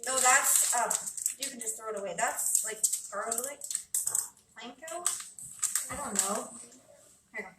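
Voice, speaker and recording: A woman's voice: a little high, a little slow, long pauses. A woman chatting to the camera while she cooks at home and coaches her child through a recipe. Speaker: vlogger cooking at home with her kids. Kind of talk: casual cooking vlog chat. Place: home kitchen. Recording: echoey kitchen, distant camera, background noise.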